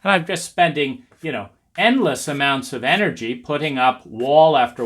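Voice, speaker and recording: A man delivers a spoken monologue about family dynamics in an animated way, often slipping into little acted scenes. His voice is bright and forceful, and his pitch sits in the middle range for a man. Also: normal speed, hardly any pauses. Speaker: speaker on trauma. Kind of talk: lecture monologue.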